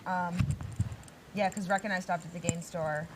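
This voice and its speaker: A woman's voice: on the low side, steady tone, moderate pace, very noisy. A woman playing a tabletop game, making short, hesitant remarks. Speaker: player. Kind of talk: casual tabletop play.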